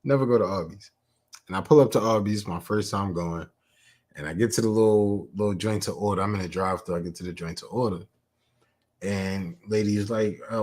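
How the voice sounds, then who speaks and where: A man co-hosting a casual podcast, telling a story in a laid-back, often quiet way. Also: fairly low pitch, a little fast. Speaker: podcast co-host.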